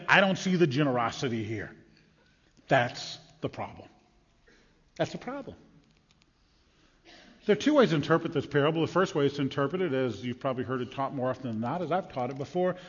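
A man preaching a sermon in a lively, conversational way, acting out quotes as he goes. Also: fairly high pitch, in a large hall, highs cut off. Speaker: pastor.

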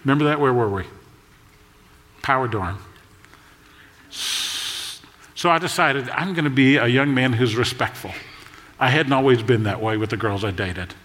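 A man in his sixties preaching a sermon, storytelling in a conversational way with jokes and quick asides. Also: mid-range voice, a bit bright. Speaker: pastor. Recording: long echo of a large hall.

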